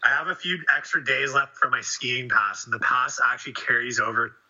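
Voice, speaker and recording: Man, husky tense voice, animated storyteller, swears, dull lo-fi recording. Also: mid-range voice, fairly quick. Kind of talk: casual storytelling chat. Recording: dull lo-fi sound.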